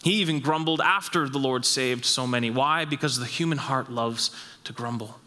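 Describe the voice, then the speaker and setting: A man preaching a sermon as pastor, emphatic and repetitive, his voice rising high when he stresses a point. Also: moderate pace, sharp tone, in a large hall. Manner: emphatic, repeats phrases, rises in pitch when stressing a point.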